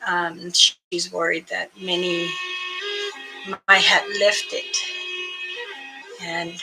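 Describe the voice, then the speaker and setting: Slow-talking older woman, a little breathless. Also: fairly low pitch, sing-song, creaky, bright, forceful tone, faint music behind, rough recording. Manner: unhurried, halting, many fillers. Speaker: spiritual elder. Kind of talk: casual spoken prayer and talk.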